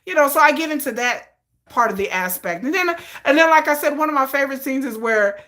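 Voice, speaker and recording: A woman's voice: sits high, expressive, brisk, a bit bright. A woman hosting a live stream, chatting casually and rambling through her fan fiction with frequent restarts.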